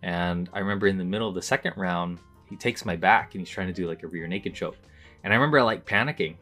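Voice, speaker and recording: A young man with a deep, low-pitched voice recounts a personal story in a loose, rambling way, leaning on "like" as a filler. His voice leaps up when he relives tense moments, then drops back to an easy murmur. Soft music plays faintly behind him. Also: fast talker. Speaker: podcast host. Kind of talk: casual storytelling monologue.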